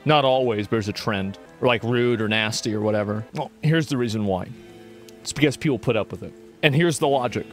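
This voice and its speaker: A man's voice: mid-range voice, a little fast, soft background music. A man streaming a casual reaction commentary, rambling and swearing with many fillers as he argues and explains his point of view.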